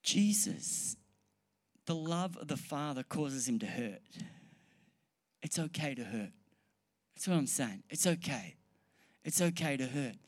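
A preacher giving a sermon to a live congregation in a church room. The preacher speaks earnestly, repeats key phrases for emphasis, and mixes in light humor and banter with the room. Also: mid-range voice. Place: church hall or meeting room with an audience.

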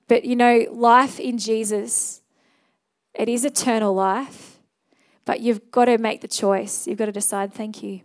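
A young adult woman preaching a sermon in an earnest, conversational way, moving into a quiet prayer and altar call. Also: on the high side. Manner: earnest, conversational, fillers and restarts.

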